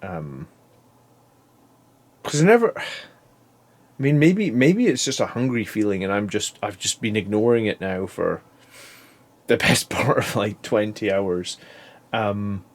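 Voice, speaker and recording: A man in his thirties talks through a casual video diary, worn out and foggy after a long fast. He rambles along, keeps restarting his sentences and loses his thread in places. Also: on the low side, expressive. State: tired and foggy from fasting. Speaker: YouTube channel host.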